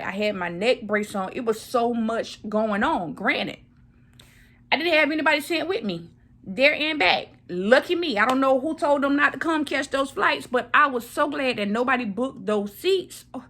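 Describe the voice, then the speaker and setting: A woman's voice: a little high, normal speed, a bit bright. A woman in her thirties talking casually to camera, recovering from surgery and repeating phrases for emphasis. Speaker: vlogger.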